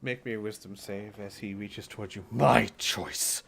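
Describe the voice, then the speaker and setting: A man running a tabletop game as game master, relaxed and quick to laugh. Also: lowish voice, slight background noise.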